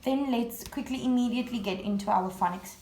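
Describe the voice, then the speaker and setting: A woman's voice: a little high, fairly quick, dark tone, a little hiss or hum. A woman primary school teacher recording a home-learning lesson, patiently explaining words one at a time and repeating them. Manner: patient, repetitive word-by-word explaining. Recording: roomy echo.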